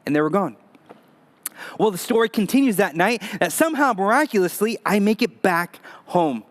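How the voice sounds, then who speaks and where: A man preaching a sermon as pastor, telling a personal story in a lively, conversational way with touches of humor. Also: sits high, moderate pace.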